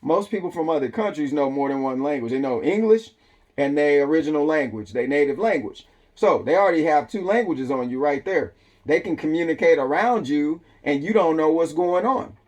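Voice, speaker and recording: A man's voice: on the high side, expressive, a little fast, darkish tone. A man hosting a survival channel. He talks in a loose, casual monologue with a drawl and lots of ums.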